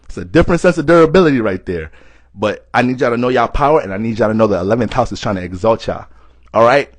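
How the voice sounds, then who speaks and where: A man's voice: mid-range voice, fast, no room sound. Young guy doing a loose astrology reading, joking and cussing, sounds worn out, dry close sound. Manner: animated, joking, swears a lot. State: tired, short on sleep. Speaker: astrology reader. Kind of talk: casual astrology talk.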